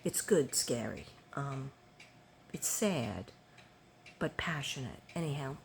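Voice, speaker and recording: A woman's voice: rumbling low, very animated, takes it slowly, creaky, slight background noise. An older woman chatting casually to her viewers, rambling with many ums and restarts. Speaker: vlogger.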